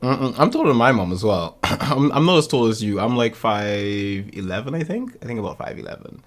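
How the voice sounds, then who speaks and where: A young man hosting a podcast, telling stories in a rambling, animated way. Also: medium pitch, fairly quick. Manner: rambling, animated storytelling with laughs. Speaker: podcast host. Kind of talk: casual chat.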